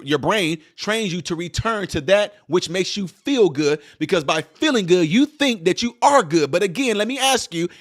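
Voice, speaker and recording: A man's voice: high-pitched, fairly bright tone. A man giving a preachy commentary monologue full of rhetorical questions. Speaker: political commentator. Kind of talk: animated monologue.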